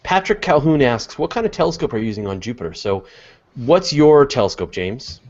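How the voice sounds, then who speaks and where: A man hosts a casual live stream, relaxed and joking as he moves from guest to guest. His voice sits at an everyday pitch. The audio comes through dull and muffled. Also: a little fast. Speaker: host.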